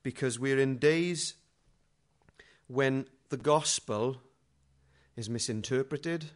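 A middle-aged man preaches slowly in a mid-range voice. His manner is conversational and funny, and he alternates quiet asides with booming dramatic readings.

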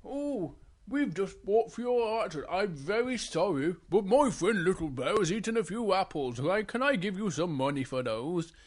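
Storybook big bear, gently scolding, lifted storyteller voice, played by a man. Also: high-pitched, animated, moderate pace, voice pushed up. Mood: polite. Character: grown-up male bear, sensible and scolding.

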